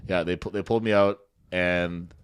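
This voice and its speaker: A man's voice: sits low, fairly even intonation, normal speed, clean tone. A man co-hosting a podcast, telling stories in casual chat, swearing freely and acting out the people he quotes. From Canada. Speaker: podcast co-host.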